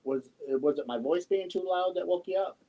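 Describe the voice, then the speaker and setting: A man's voice: high-pitched, moderate pace, highs cut off. A man hosting a crochet livestream, chatting casually, reading viewer comments and cooing to his cats. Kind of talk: casual chat while crocheting.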